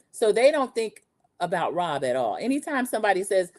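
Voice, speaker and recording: A woman's voice: mid-range voice, a little fast. A woman, chatting through a TV episode recap in a sassy, gossipy way. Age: 40s. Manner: chatty, sassy, quotes cast members in lively put-on voices. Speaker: recap show host. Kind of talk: casual TV recap commentary.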